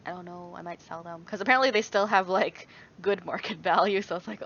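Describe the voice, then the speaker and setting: Speaking a little fast, a Canadian woman with a lowish, fairly bright and slightly rough voice answers viewer questions in a casual vlog. She is young, rambles, fills her speech with fillers, often starts sentences over and laughs easily. The sound quality is somewhat dull and lo-fi.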